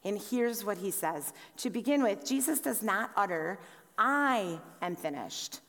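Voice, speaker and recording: Slow, deliberate woman preaching in a hall. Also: mid-range voice, lively intonation, fairly bright tone. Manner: slow, deliberate delivery with dramatic drops in volume. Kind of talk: sermon. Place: church sanctuary. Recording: long reverb in a large hall.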